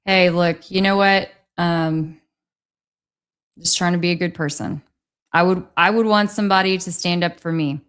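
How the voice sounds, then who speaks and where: A woman's voice: on the low side, steady tone, normal speed, fairly bright tone, clear, resonant tone. A woman hosting a casual livestream, chatting with viewers and thanking them for their messages. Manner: chatty, reads and thanks viewers' super chats. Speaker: livestream host.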